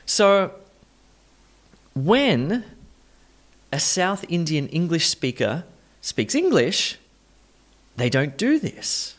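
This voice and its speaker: A man teaching English pronunciation in an online lesson, talking emphatically and with enthusiasm, stressing words to demonstrate them. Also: a little high.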